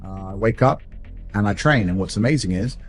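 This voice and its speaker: A man's voice: lowish voice, expressive, a little fast, soft background music. A man giving a blunt motivational talk in short, repetitive, declarative statements. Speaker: motivational speaker.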